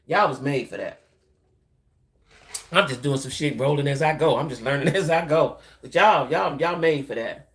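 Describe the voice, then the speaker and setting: A middle-aged woman, hosting a loose, casual live-stream chat with her viewers. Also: moderate pace. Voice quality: deep voice. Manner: chatty, loose, repeats herself, talks to viewers as y'all. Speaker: YouTube channel host.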